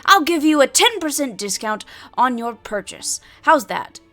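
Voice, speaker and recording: Woman doing a dwarf potion maker, male, flustered, shouting, high and sharp. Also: big pitch swings, unhurried, soft background music, full character voice. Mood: grateful. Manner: shouting, exasperated.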